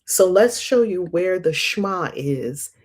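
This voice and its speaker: A middle-aged woman hosting a casual livestream about scripture, chatty and animated, laughing often. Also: fairly low pitch, slow pace. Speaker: host reading and discussing scripture.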